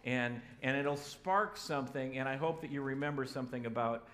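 A man's voice: medium pitch, normal speed, a bit bright. A man preaching a sermon as a pastor in a church, telling the story casually and acting out the voices of the people in it. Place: church sanctuary.

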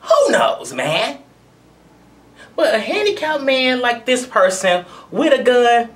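Blunt, animated woman ranting. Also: fairly high pitch, slow pace. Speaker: video blogger. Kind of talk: commentary rant to camera.

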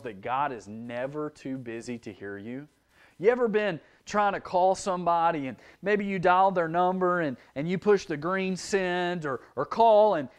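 Lively, high-voiced man preaching to children. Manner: animated, expressive, acts out kids' voices. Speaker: children's church teacher. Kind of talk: children's sermon.

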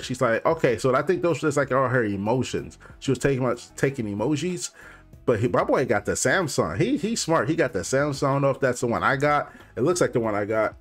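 Young male reaction host, casual and rambly, average pitch, light music underneath. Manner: loose, rambling, full of "like" fillers.

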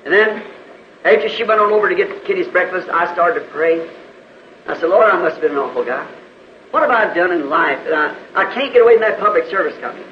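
Folksy high-voiced preacher on old tape. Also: male voice, lively intonation, quick pace. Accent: Southern US. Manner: folksy, acts out quoted voices, rises to pleading prayer. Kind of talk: storytelling sermon. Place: church auditorium. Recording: lo-fi 1960s church tape, roomy, faint hiss.

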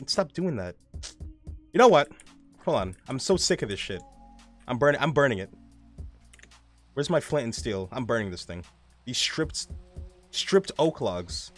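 A young man streaming a game live, rambling casually, reading chat aloud and swearing often. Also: medium pitch.

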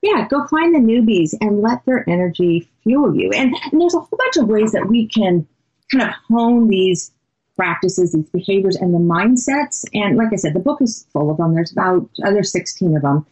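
A woman's voice: mid-range voice, normal speed, husky, rough recording. A woman guest on a podcast, telling a story animatedly and conversationally. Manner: animated, many "you know" fillers.

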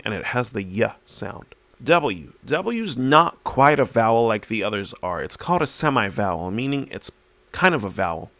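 Male teacher, mid-pitched, dry close sound; patient explainer who slows to sound out words. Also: a bit bright, no room sound. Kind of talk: reading lesson.

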